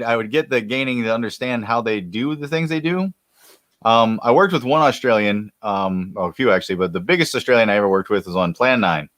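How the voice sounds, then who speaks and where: A man's voice: medium pitch, a bit bright, no echo, clean studio sound. A man co-hosting a podcast, chatting casually with rambling, profane jokes. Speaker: podcast co-host. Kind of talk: casual comedic chat.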